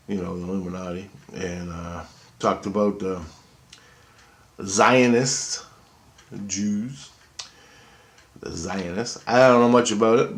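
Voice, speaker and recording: A man telling a personal story in a rambling, halting way, swearing freely and restarting his sentences. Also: lowish voice. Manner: profane and halting, with many restarts. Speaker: vlogger.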